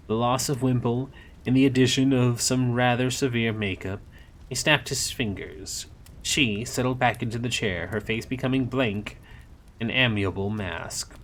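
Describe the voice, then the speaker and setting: A man casually reading a novel aloud on a stream, relaxed and sometimes correcting himself. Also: mid-range voice. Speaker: story reader.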